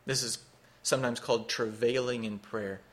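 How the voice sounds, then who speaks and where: A man's voice: medium pitch, steady tone, moderate pace, fairly bright tone. A man preaching a sermon, teaching through a scripture passage in an earnest, expository way, rising for emphasis.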